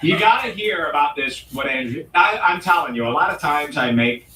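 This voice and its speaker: A man hosting a comedy show and delivering a provocative, mock-serious rant with dramatic pauses. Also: a little high, animated, pushed and bright, slight background noise. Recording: roomy echo, distant mic.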